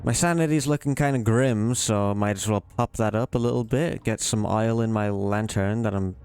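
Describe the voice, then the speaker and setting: A man's voice: on the low side, moderate pace, darkish tone, soft background music. A man giving casual, playful commentary while playing a horror game, jokingly talking to the monsters as if they were silly pets. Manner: playful, teasing the monsters in a silly sing-song way. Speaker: let's play gamer.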